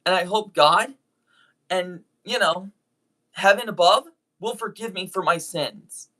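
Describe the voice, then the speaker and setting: A YouTube voice actor speaking directly to viewers in an apology video, earnest and halting, often restarting sentences while saying sorry. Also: mid-range voice, pushed and bright.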